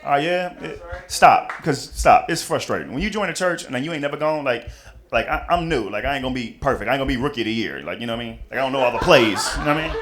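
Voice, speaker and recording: A young man doing a stand-up comedy set on a club stage, talking casually and jumping into loud high voices for the people in his stories. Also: fast. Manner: animated, jumps into loud high-pitched voices for characters.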